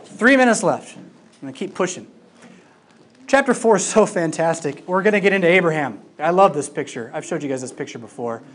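A Bible teacher giving a classroom lecture, emphatic and lively, with informal asides. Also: mid-range voice, brisk. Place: classroom with a projected screen.

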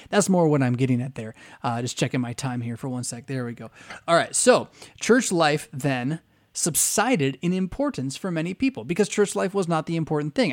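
A pastor giving a conversational teaching lecture, often checking in with his listeners by asking "right?". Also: fairly high pitch.

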